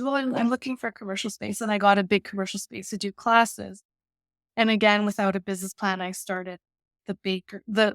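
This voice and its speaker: A woman from Canada telling stories in a casual interview, animated, with quick asides and acted-out quotes. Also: mid-range voice, no room sound, studio quality. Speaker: guest, baker and culinary teacher.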